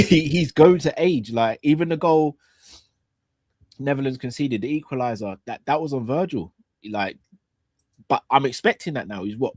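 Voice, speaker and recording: A man chatting on a football fan stream. He talks in animated bursts, repeating words and dropping slang. His voice sits mid-pitched and dry, close to the mic with no room sound. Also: no room sound. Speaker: co-host of a fan talk show. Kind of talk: casual chat.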